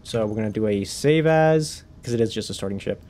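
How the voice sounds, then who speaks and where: A man's voice: fairly low pitch, expressive, brisk, darkish tone. A man streaming a game live, chatting casually, laughing often and answering his chat as he plays.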